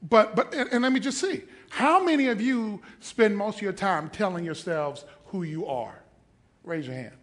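A male pastor with a notably high voice preaches a sermon to his church. He drops into quiet, chatty asides, then climbs to forceful shouted declarations. He keeps pressing the congregation to call out their answers. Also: animated, moderate pace.

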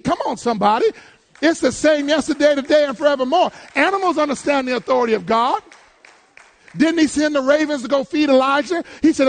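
A man preaching with a very high, gravelly voice. He talks straight to his congregation, swinging between loud, shouted declarations and quiet, hushed asides. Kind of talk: sermon.

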